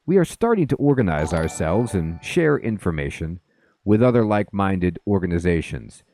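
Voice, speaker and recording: Brief: a man reading an elderly group leader, deep, dry close sound, barely acted. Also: very animated, moderate pace, dark tone, no room sound, soft background music. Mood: earnest. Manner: read aloud plainly from on-screen dialogue. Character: very old man leading a secret group.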